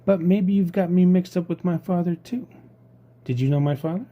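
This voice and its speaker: A man's voice: high voice, moderate pace, phone-quality sound, pitched above the performer's own voice, lightly acted. A man voicing a fussy, polite young male squirrel in a storybook reading, chattering eagerly and scolding.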